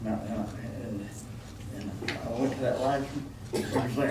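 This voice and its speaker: A man's voice: medium pitch, steady tone, normal speed, distant mic, background noise. A man preaching a folksy sermon, calling out for amens from the congregation. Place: church. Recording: echoey church room, mic from afar.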